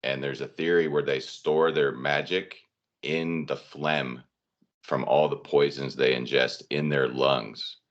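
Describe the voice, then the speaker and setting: A man's voice: rumbling low, fairly even intonation, measured pace, highs cut off. A man telling personal stories in a casual podcast chat, rambling with many fillers.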